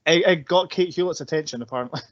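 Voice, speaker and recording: Scottish male co-host, relaxed, dry close sound, slightly lo-fi. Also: a little high, fast talker, dry recording. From Scotland. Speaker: podcast co-host. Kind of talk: casual chat.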